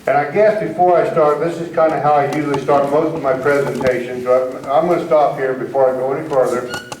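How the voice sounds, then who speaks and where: A man's voice: mid-range voice, steady tone, brisk, a little mellow. A middle-aged American man giving a folksy, self-deprecating talk to an audience as a rancher. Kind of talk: public presentation to an audience. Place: meeting hall with an audience. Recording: roomy, distant hall recording with faint noise.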